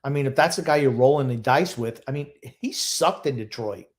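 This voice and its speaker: A man's voice: mid-range voice, a little fast. A man co-hosting a casual sports podcast, giving blunt, grumbling opinions. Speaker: podcast co-host.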